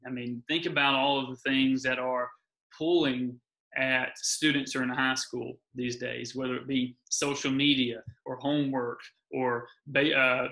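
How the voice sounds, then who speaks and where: A man's voice: medium pitch, sharp tone, poor audio. A man speaking as a guest in an earnest, encouraging faith talk, often repeating his key phrases.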